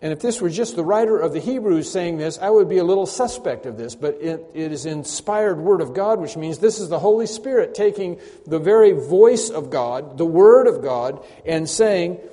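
A man's voice: on the high side, expressive, moderate pace, few pauses, dark tone. A man preaching a sermon, emphatic and building to a raised voice at key points. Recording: long hall reverb.

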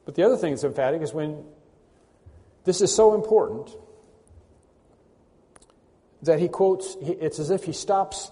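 A man's voice: on the high side, warm tone. A male pastor preaching a sermon, stressing and repeating key phrases with rising force. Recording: long hall reverb.

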